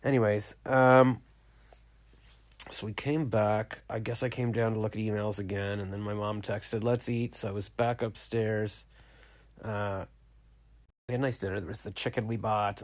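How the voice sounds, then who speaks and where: A man's voice: on the low side, dry recording. A man recording a casual late-night video diary in his small home studio, rambling and reflective as he retells conversations. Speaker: vlogger.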